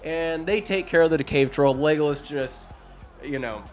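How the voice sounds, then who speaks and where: A man recaps a movie in a loose, comedic ramble full of swearing and sarcastic asides. His voice sits a little high for a man. Faint music plays underneath. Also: moderate pace.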